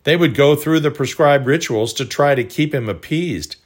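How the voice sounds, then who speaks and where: A man's voice: fairly high pitch, moderate pace. Earnest man reading devotions. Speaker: devotional narrator. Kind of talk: scripted devotional audiobook reading.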